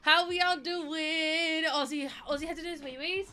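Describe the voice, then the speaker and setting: Bright, high-voiced bubbly woman streamer. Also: fairly even intonation, normal speed. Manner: bubbly, chatty, giggly. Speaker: live streamer. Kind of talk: casual live-stream chat.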